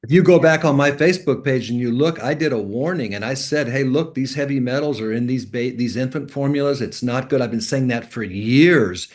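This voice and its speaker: A man's voice: medium pitch, a little fast, few pauses. A man talking as a guest on a casual podcast, rambling and instructive, sometimes spelling out words. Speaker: health guest.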